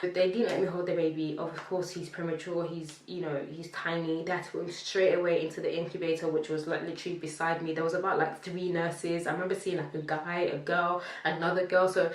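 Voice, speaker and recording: A young woman telling a lively, casual storytime, acting out what people said and laughing now and then. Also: fairly low pitch, a little fast, few pauses, roomy sound, recorded from a distance. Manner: animated, acts out quotes, laughs between lines. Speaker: vlogger telling her birth story.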